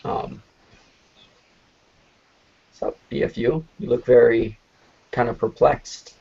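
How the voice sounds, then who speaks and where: A man's voice: mid-range voice, steady tone, slow, vocal fry, husky. A man co-hosting a podcast, upbeat and chatty, asking loose questions and laughing easily. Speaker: podcast co-host. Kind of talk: casual podcast chat. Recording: dull lo-fi remote call audio.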